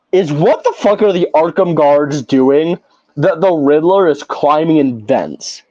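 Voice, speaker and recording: A man co-hosting a podcast, ranting in a profane, animated way in casual chat. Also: high-pitched, no room sound. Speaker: podcast co-host. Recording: slightly dull lo-fi podcast audio.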